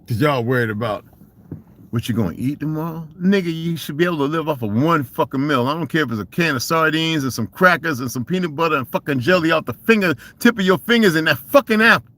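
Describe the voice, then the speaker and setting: A man's voice: a little high, animated, fast talker, pushed and bright, dry recording. A man with a Southern US accent ranting casually and profanely on a livestream, emphatic and laughing often. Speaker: livestream host. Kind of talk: casual rant.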